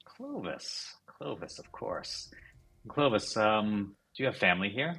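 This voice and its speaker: A patronizing male showman, as a man puts him on, husky and bright with lively swings of pitch. He coaxes and talks down to the boy while soft music plays behind. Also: a little slow, full character voice. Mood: condescending. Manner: patronizing, calls others "my lad". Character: smooth-talking adult male showman fighter.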